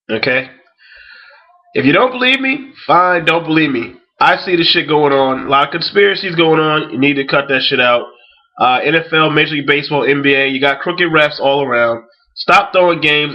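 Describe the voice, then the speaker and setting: A man's voice: a little high, muffled recording. A man ranting about sports in a vlog, angry and profane, swearing heavily with a swaggering delivery.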